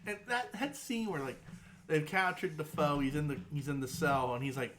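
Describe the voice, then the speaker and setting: A man co-hosting a podcast in casual chat, halting with many repeated starts. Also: fairly high pitch, fairly bright tone, a little hiss or hum. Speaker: podcast co-host.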